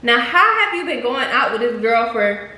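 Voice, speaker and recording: A woman's voice: fairly high pitch, big pitch swings, moderate pace, sharp tone. A young woman telling a casual storytime to her viewers, chatty and slangy, often calling them "y'all.". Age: young adult. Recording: echoey room with faint noise.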